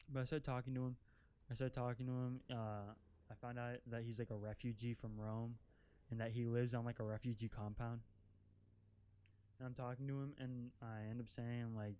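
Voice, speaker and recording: A man's voice: mid-range voice, level tone, a little fast, dark tone, clear, resonant tone. Rambling young man telling a story. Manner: rambling, profane, filler-heavy with constant "like". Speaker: vlogger. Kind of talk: casual storytime. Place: outdoors while driving an off-road vehicle.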